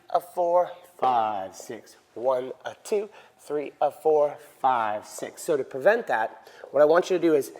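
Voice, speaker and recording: A dance teacher with a high-leaning, slightly mellow voice walks students through an instructional lesson. He counts out the beats and often checks understanding with "right?", while hall reverb echoes around him.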